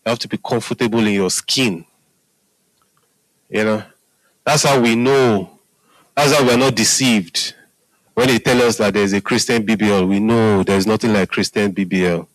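A man's voice: on the low side, unhurried, pauses often, no room sound, poor audio. A man preaching a sermon in a conversational way, often asking his listeners if they are following. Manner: conversational, repeats "Hallelujah" and "are we together?" to the audience.

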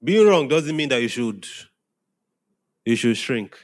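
A man's voice: medium pitch, big pitch swings, measured pace. Man preaching conversationally. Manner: conversational preaching, often asking "are we together?". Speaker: pastor. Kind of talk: sermon to young congregation.

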